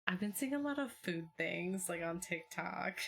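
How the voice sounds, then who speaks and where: A young woman chats with her stream viewers from home in a rambling, filler-heavy way. Her voice sits a little low, and she breaks into excitable bursts. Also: normal speed, vocal fry. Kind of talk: casual chat with viewers.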